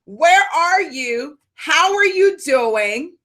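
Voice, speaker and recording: A woman coaching and hosting a live call, excitable and quick to shout greetings. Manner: high-spirited.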